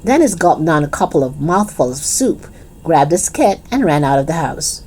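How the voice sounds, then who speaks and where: A woman's voice: deep voice, sing-song, moderate pace, warm tone, slight background noise. A woman reading a children's chapter book aloud, breaking off with playful asides to the reader. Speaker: storyteller.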